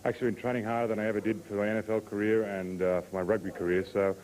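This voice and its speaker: Fast-talking Australian wrestler. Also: male voice, lowish voice, level tone, darkish tone, a little hiss or hum, rough recording. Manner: laid-back, calls everyone mate. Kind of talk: wrestling interview promo.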